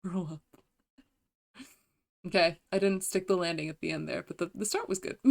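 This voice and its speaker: A woman's voice: lowish voice, animated, vocal fry. A woman streamer chatting casually with viewers, giggly and self-deprecating, often trying out voice impressions. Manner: giggly, self-deprecating, slow and soft-spoken.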